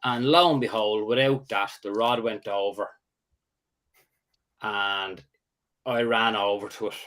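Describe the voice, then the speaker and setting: This angler host, a man with a fairly low voice, rambles through a casual fishing story. He halts and starts over a few times, then grows animated as the tale builds.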